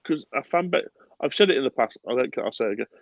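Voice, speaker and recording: A man hosting a casual football podcast, animated and swearing freely, with bursts of laughter. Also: medium pitch, very fast, gravelly, no room sound, muffled recording. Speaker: podcast host.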